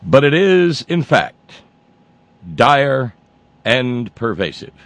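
A man puts on a pompous TV newscaster, grave and formal. The delivery is emphatic and mock-solemn, pushed noticeably higher and louder than his own voice, with a gravelly edge. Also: sing-song, drawn-out words, no echo, heavily acted.

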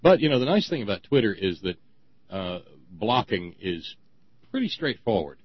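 A man co-hosting a talk show, talking in a sarcastic, ranting way with many halting restarts. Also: lowish voice, sing-song, breathy edge, no room sound, muffled recording. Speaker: podcast co-host. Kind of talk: casual opinion talk.

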